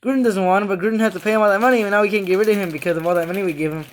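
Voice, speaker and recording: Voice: mid-range voice, rapid-fire. A sports fan vlogger giving a casual, rambling rant about the team, repeating themselves in frustration with lots of fillers and restarts.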